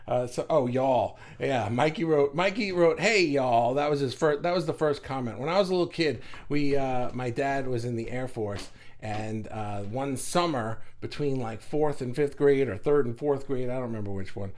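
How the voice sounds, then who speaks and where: A middle-aged man from New York hosting a livestream in a fast, rambling and animated way, reading viewer comments aloud. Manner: fast, animated and rambling, with big pitch jumps. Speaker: group host reading comments. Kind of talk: casual livestream chat.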